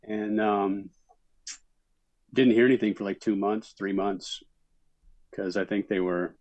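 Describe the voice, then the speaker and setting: Deep, flat-voiced man telling stories. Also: measured pace, no room sound, lo-fi sound. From Minnesota. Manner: relaxed storytelling, many fillers. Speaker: actor guest. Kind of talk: casual interview chat.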